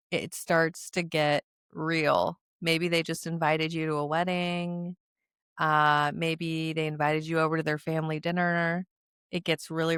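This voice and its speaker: Brief: middle-aged woman host, earnest teaching monologue, lowish voice, dry close sound. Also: fairly bright tone, clean tone, dry recording. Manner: earnest, often repeats words for emphasis. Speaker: podcast host.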